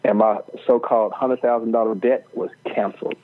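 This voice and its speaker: A man's voice: medium pitch, steady tone, a little fast. Earnest man on a tinny phone line. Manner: earnest, many fillers and restarts. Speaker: podcast guest. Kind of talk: storytelling testimony.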